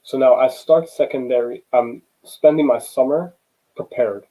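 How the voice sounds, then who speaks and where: A young man with a mid-range, dark-toned voice tells a personal story to students at a moderate pace, keeping it conversational, saying "you know" a lot, and acting out the dialogue. The recording is rough.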